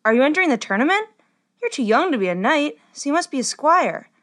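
A shy young girl cleric, gentle and kind in her speech, as a woman voices her. Her voice sits fairly high, soft and sweet. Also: sing-song, fast. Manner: gentle, shy, warm-hearted.

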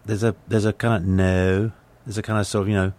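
A man's voice: on the low side, little pitch movement, brisk, darkish tone. An older British man telling rambling anecdotes as a guest in a casual interview, with many restarts. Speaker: guest actor. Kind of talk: conversational interview storytelling.

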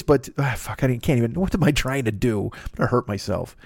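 A middle-aged man rambles through a long story with plenty of swearing, the voice of a casual podcast host. His pitch sits in the middle of the range. The recording is dry and close, with no room around it. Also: brisk, creaky, slightly rough, no room sound. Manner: profane, rambling, animated storyteller.

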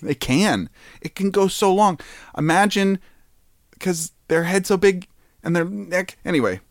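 A man's voice: high-pitched, a little slow, dry recording, studio quality. A man hosting a podcast in casual, joking chat with a friend, laughing often. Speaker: podcast host.

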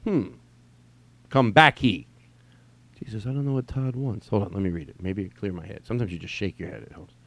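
A man's voice: lowish voice, expressive, racing, mellow, dry recording. A man hosting a solo podcast from home, talking in a rambling, digressive way, swearing and repeating himself. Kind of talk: rambling casual monologue. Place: at home during quarantine.

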